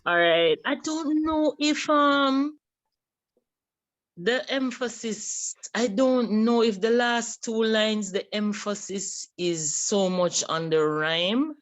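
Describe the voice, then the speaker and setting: A man's voice: high-pitched, slow, fairly bright tone. A man with a Caribbean accent, hesitantly discussing a poem in a class conversation and searching for his words. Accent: Caribbean English. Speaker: teacher in a poetry discussion.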